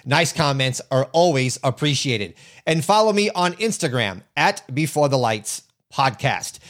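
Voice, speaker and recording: A man's voice: mid-range voice, expressive, unhurried, fairly bright tone. Upbeat male podcast host, faint music. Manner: upbeat, appreciative sign-off. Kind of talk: podcast interview and sign-off.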